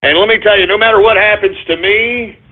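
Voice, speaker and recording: A man with a voice that sits high talks fairly quickly while hosting an internet radio show. He berates his listeners in an exasperated, swear-heavy call-in rant, and the sound is tinny like a phone line.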